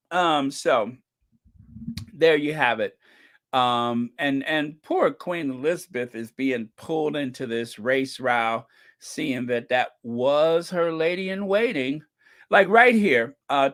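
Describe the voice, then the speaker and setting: A man's voice: medium pitch, slow, fairly bright tone. A man hosting his own online channel, chatting casually, reading viewer comments aloud and laughing often as he talks. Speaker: channel host.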